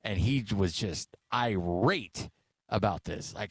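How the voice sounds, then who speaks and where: A man's voice: fairly low pitch, moderate pace, dry recording. Chatty middle-aged male radio host. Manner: chatty storyteller, many "uh" fillers. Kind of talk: casual sports talk radio chat. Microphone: studio microphone.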